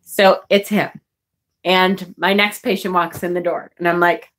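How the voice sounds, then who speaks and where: Female vlogger, unhurried chatty storyteller, frank and profane. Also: mid-range voice, a bit bright. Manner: chatty, swearing, laughing often. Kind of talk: casual personal storytelling.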